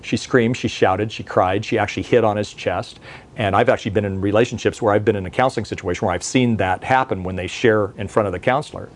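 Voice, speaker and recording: A man's voice: lowish voice, slight background noise. Conversational male pastor preaching. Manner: conversational storytelling with rhetorical questions. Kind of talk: televised sermon. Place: studio.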